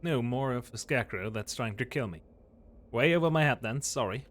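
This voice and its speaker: A man's voice: medium pitch, expressive, a little fast, fairly bright tone, a little hiss or hum. A young man streaming a game live, reacting in a casual, profane way.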